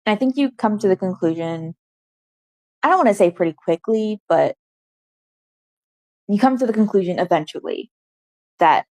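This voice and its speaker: A woman's voice: mid-range voice, lively intonation, normal speed, pauses often, darkish tone, dry recording. A woman narrating as game master of a tabletop game, in a thoughtful, hedging way.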